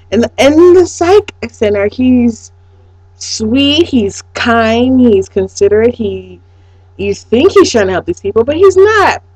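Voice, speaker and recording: A woman casually recapping a TV episode, excitable and profane, swinging from hushed to loud. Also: fairly high pitch, no echo, low-quality recording.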